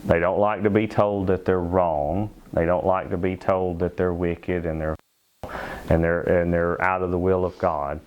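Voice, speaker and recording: A man preaching a sermon as pastor in a church, emphatic, slowing down to stress key phrases. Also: sits low, flat delivery, a little mellow, highs cut off. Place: church sanctuary.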